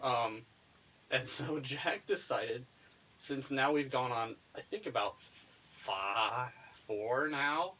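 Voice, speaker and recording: A young man chatting casually on a podcast, rambling through a story with lots of "um"s and easy laughter. His voice sits in an ordinary middle pitch. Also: animated, slow, sharp tone, rough recording. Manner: rambling, laughs often, trails off with fillers. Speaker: podcast co-host. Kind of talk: casual chat.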